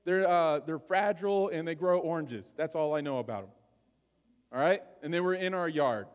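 Man, high voice, pastor preaching a sermon, chatty storytelling, long hall reverb. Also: moderate pace, clear, resonant tone, lo-fi sound. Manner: conversational, often checks in with listeners.

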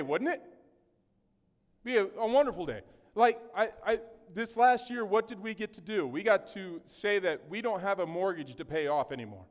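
Man preaching in a reverberant hall. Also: high voice. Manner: animated, conversational preaching with asides and humor. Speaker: pastor. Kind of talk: sermon. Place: church sanctuary.

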